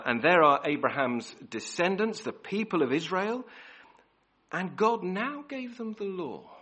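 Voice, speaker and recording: A man's voice: on the high side, fairly bright tone, husky. A man preaching a sermon, emphatic and repeating key words, often restarting his phrases. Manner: self-correcting restarts.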